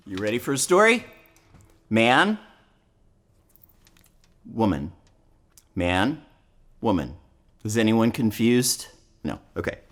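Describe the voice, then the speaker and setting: A man's voice: on the low side, big pitch swings, takes it slowly, pauses often, soft background music. A man running an interactive children's show at a library, playful and full of call-and-response. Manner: playful, call-and-response, big swoops up for effect. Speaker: children's entertainer. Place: public library event.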